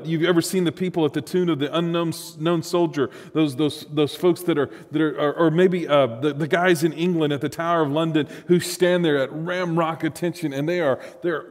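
A man preaching a Sunday sermon as pastor, earnest and animated, often restarting his phrases. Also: fairly high pitch, big-room sound.

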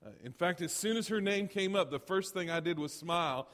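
A middle-aged male pastor telling stories in a sermon, swinging from loud to hushed. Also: high voice, fairly quick. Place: church sanctuary. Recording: long hall reverb.

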